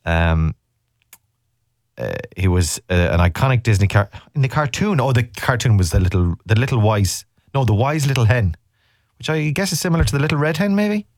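A man's voice: medium pitch, expressive, moderate pace, dry recording, studio quality. An Irish man hosting a radio show, chatting casually and teasing listeners as he rambles through the day's topics. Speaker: radio host. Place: radio studio.

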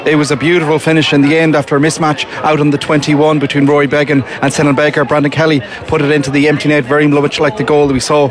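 A man giving a brisk live sports report from a football ground outdoors. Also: a little high, flat delivery, crowd noise. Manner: brisk play-by-play summary. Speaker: field reporter. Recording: outdoor noise behind.

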